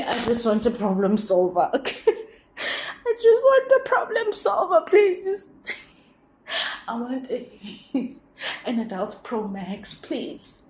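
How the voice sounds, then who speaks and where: A woman's voice: fairly high pitch, a little mellow, slight background noise. A young woman talking casually on her podcast, chatty and laughing often, with lots of restarts. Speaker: podcast host. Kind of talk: casual personal monologue. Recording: echoey room.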